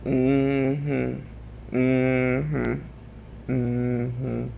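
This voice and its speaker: A man's voice: medium pitch, monotone, extremely slow, gravelly, warm tone, slight background noise. A man hosting a live gossip commentary show, talking in a sassy, campy way full of drawled slang. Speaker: host.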